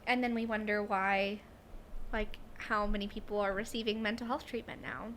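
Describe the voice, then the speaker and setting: A woman's voice: mid-range voice, steady tone, normal speed, fairly bright tone, a little hiss or hum. Woman counselor hosting a podcast. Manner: attentive listener, many short affirmations. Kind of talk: casual interview chat.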